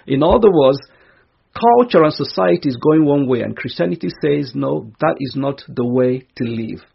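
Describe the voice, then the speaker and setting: Gravelly, husky male preacher. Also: medium pitch, lively intonation, normal speed, lo-fi sound. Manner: earnest, emphatic, repeats key phrases. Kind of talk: sermon.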